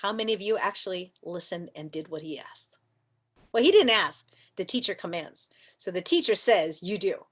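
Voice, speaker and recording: Yoga teacher, woman, chatty and playful, lots of rhetorical questions, leads soft chants. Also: fairly low pitch, expressive, moderate pace. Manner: soft chanting and whispering at times. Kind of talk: teaching an online class.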